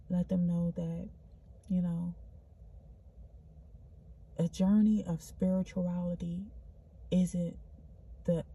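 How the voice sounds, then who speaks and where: A woman's voice: fairly low pitch, gravelly, warm tone, husky. A woman vlogging an earnest, spiritual pep talk, repeating herself and calling the listener honey. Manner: spontaneous, loose restarts. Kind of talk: spiritual motivational monologue.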